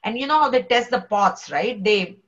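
A woman, a spiritual teacher telling a devotional story in a lively way and acting out the characters' voices. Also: on the high side, moderate pace, muffled recording.

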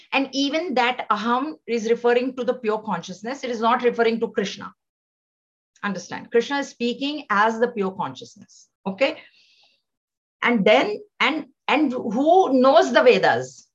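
A woman teaching scripture to a class, patiently explaining, repeating phrases and chanting some of them slowly. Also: fairly high pitch, husky. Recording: dull lo-fi sound.

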